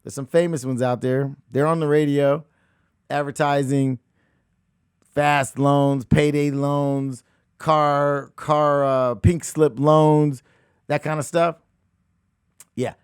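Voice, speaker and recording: A man hosting a money talk show as a real estate coach, talking emphatically, repeating phrases and swinging between loud outbursts and hushed asides. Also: on the high side, little pitch movement, takes it slowly, pauses often, smooth, no room sound, studio quality. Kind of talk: animated motivational talk.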